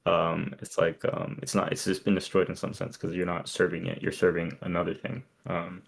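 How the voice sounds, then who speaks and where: A man co-hosting a podcast, talking through song lyrics in a halting, filler-heavy way. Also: low voice, completely flat delivery, vocal fry, a little hiss or hum. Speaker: podcast co-host. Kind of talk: casual chat, reading lyrics and chat comments.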